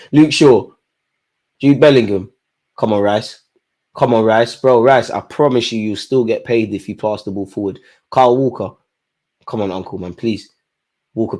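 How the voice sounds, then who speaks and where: A man hosting a live football watchalong, reacting loudly to the screen with heavy slang and swearing. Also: mid-range voice. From England. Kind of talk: live match watchalong commentary.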